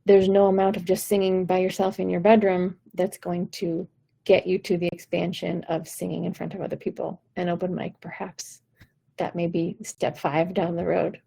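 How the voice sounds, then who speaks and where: A woman's voice: lowish voice, creaky, husky, low-quality recording. A woman vocal coach giving an encouraging, direct pep talk on a live stream. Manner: encouraging, warm-hearted, direct.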